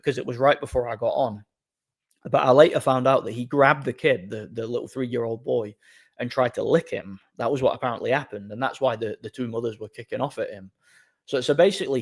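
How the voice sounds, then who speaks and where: A man hosting a livestream, telling a rambling anecdote in an animated, casual way and acting out quoted dialogue. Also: mid-range voice. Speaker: livestream host. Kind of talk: casual storytelling to a live audience.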